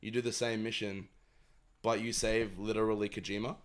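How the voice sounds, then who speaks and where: A young man chatting casually as a podcast co-host. His voice sits a little low for a man. He talks in a laid-back, self-deprecating way, with a shrugging apathy. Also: flat delivery, moderate pace. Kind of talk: casual chat.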